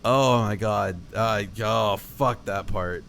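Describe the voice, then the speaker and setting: A young man telling a road-trip story on a podcast, swearing a lot and acting out his own shouts. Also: on the low side, takes it slowly, vocal fry, a little hiss or hum. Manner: profane, animated, acts out his own shouts. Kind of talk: casual storytelling chat.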